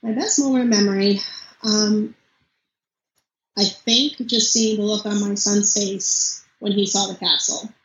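A young woman, a podcast guest, chatting casually and telling animated stories about family travel. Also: medium pitch, unhurried, echoey room, dull audio. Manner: chatty, animated storytelling with mimicked child voice. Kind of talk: casual interview chat.

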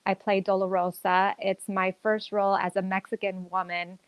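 A woman's voice: medium pitch, flat delivery, moderate pace, clear, resonant tone, no room sound, low-quality recording. A woman who acts and teaches acting, chatting upbeat and enthusiastic in an interview, with plenty of fillers. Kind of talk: casual interview chat.

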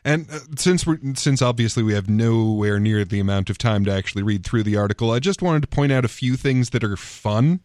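A man's voice: on the low side, expressive, a little fast, hardly any pauses, a little mellow, no room sound, clean studio sound. A man co-hosting a talk radio show, joking sarcastically and reading passages aloud. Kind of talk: casual radio banter, reading quotes aloud.

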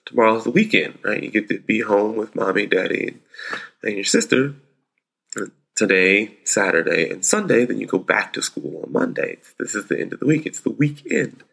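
Give me a father in his thirties with a low, slightly gravelly voice, telling a wry, easygoing story about his kids. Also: lively intonation, a little fast, a bit bright. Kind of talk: casual anecdote.

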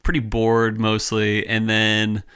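A young man co-hosting a podcast, chatting in a relaxed, rambling way with lots of fillers. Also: fairly low pitch, slow pace, clean tone. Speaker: podcast co-host. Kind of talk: casual chat.

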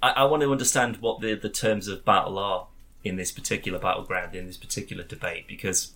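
A man's voice: low voice, fairly even intonation, fast, sharp tone. A man, co-hosting a casual podcast in a wry, self-mocking way. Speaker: podcast co-host. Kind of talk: casual chat.

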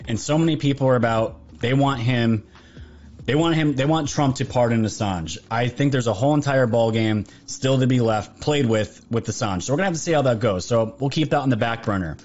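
A man's voice: medium pitch, darkish tone. Male host, opinionated commentary, punchy and repetitive, slightly dull recording with faint music. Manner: emphatic and repetitive.

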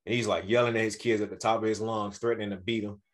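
A man co-hosting a podcast, telling a travel story in a casual, animated way and acting out the people he quotes. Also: fairly low pitch, quick pace. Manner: animated, acts out quoted voices. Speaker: podcast co-host.

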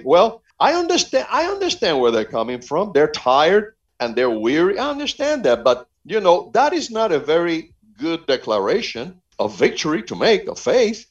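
A man from Cuba talks like a preacher, fervent and emphatic. His voice sits high and swings widely up and down as he hammers home each point. The sound is dull and lo-fi, like muffled remote audio. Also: huge pitch swings, normal speed. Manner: fervent, emphatic, repeats phrases for stress. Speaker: evangelist guest. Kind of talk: preaching-style interview talk.

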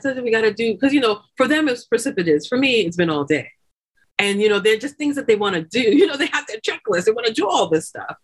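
This woman is a podcast guest recounting her birth story with lots of animation. Her talk is chatty and full of laughter and fillers such as "like" and "you know," and when quoting others she imitates them with sudden loud, high-pitched outbursts.

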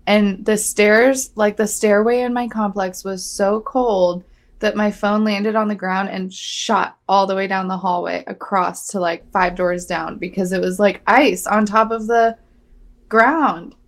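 A woman's voice: medium pitch, steady tone, unhurried. A young woman from Georgia co-hosting a podcast, telling a rambling story full of fillers. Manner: chatty storyteller, full of likes and restarts. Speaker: podcast co-host. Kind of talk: casual chat.

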